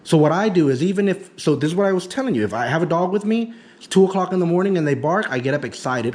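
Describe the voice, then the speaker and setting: A man's voice: a little high, quick pace. Male dog trainer with a raised voice, explains rules firmly and repeats himself to drive points home. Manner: emphatic, repetitive teaching, acts out excited praise. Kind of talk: in-home consultation.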